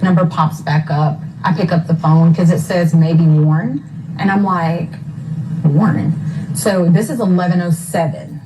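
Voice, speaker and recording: A woman's voice: lowish voice, warm tone, a little hiss or hum, low-quality recording. A mother retelling events in an interview, detailed and careful about times, with many fillers. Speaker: mother of a missing son.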